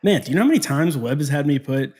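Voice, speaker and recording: A man co-hosting a casual chat over a video call, trading teasing, quick banter. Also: on the high side, lively intonation, darkish tone, slightly rough. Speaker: co-host.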